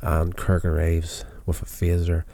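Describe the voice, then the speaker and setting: A tired man recaps a television episode in a loose, rambling way, full of fillers and restarts. His voice is very low and mellow. The recording is dry and close. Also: completely flat delivery, measured pace, gravelly, no room sound. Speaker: show recapper.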